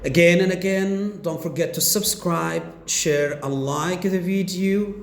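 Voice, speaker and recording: In a high-pitched voice with vocal fry, a man with an Arabic accent drills English pronunciation for beginners. He moves slowly and repeats every word several times.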